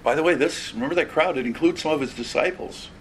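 A man preaching an expository sermon in an earnest, conversational way. He restarts phrases as he goes. His voice sits a bit high for a man, and a faint hiss runs underneath. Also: fast.

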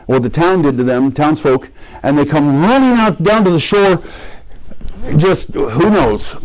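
A man's voice: fairly high pitch, darkish tone, rough recording. Man preaching a conversational sermon. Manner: conversational teaching, asks the congregation questions. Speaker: pastor.

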